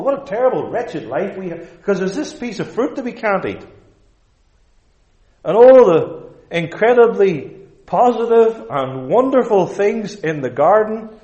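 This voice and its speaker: A man's voice: high voice, darkish tone, dull audio. A man preaching a sermon in a church, emphatic and fond of rhetorical questions. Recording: echoey room.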